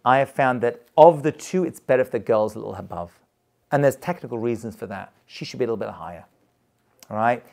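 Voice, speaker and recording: A male rabbi gives an informal class to a small live group. His pitch sits in an ordinary middle range but rises and falls with wide, lively swings. He speaks emphatically, repeats himself to drive points home, and chuckles now and then. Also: brisk, gravelly.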